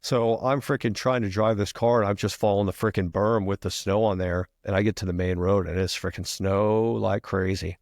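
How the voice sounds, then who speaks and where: A middle-aged retired firefighter telling a long story as a podcast guest, casual and profane, peppering every sentence with "freaking". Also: male voice, fairly low pitch, steady tone, a little fast, hardly any pauses, darkish tone, no echo, studio quality.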